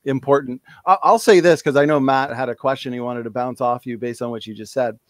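A man of ordinary pitch co-hosts, speaking earnestly and in a friendly way to his guest. The sound is dry. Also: steady tone, brisk, no room sound. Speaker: podcast co-host. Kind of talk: casual chat.

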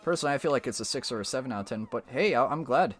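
A man's voice: medium pitch, lively intonation, very fast, a bit bright. A young man streaming a racing game with friends, chatting casually and laughing often. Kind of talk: casual gaming chat with friends. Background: game music.

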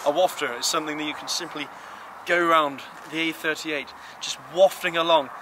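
A man with a fairly high voice gives a playful, emphatic car walkaround outdoors. Clear outdoor noise and street sounds run behind his camera-mic recording. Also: brisk. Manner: playful, emphatic, lively rises on praise. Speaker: car vlogger presenting cars. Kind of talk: casual enthusiastic car walkaround. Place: outdoors beside parked cars.

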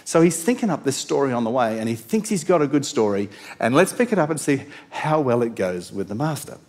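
A male pastor giving a sermon, retelling scripture in an animated storytelling way. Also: fairly high pitch, fairly quick.

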